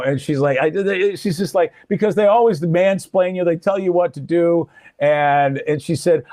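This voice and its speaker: A man's voice: sits high, moderate pace, no room sound, clean studio sound. An older man, a radio personality, telling stories in casual conversation and acting out the people he quotes. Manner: animated storyteller, acts out quoted people.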